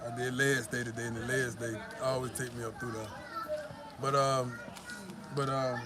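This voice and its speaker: A man's voice: mid-range voice, little pitch movement, normal speed. A man vlogging casually outdoors, tired after the gym, telling stories in a loose, profane way. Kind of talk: casual vlog talk. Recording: loud traffic and street noise.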